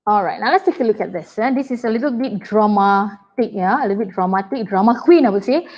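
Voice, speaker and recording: A woman teaching an online writing lesson, brisk and chatty as she talks to her pupils. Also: mid-range voice, expressive, muffled recording. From Malaysia. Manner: brisk, chatty and apologetic, addressing pupils warmly. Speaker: English teacher.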